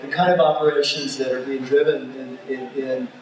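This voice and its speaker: A man's voice: mid-range voice, steady tone, fairly quick, crowd noise. A man speaking on a conference panel, hesitant and often repeating his words. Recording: echoey hall, distant mic, room noise.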